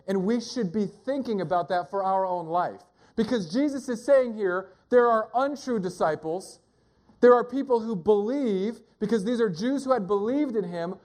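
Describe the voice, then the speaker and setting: A man preaching a sermon at a church gathering, in a conversational, joking way that slows down to stress single words. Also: high-pitched, darkish tone. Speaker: pastor.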